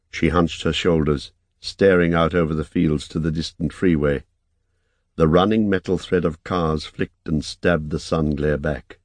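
A man narrating an audiobook in a measured, even reading. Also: a bass voice, no room sound.

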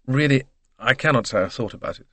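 A man's voice: medium pitch, expressive, fast, bright, forceful tone, dry recording, voice pushed up. A man voicing a cool, composed young Englishwoman. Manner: cool, brief, composed replies. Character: calm, reserved young Englishwoman.

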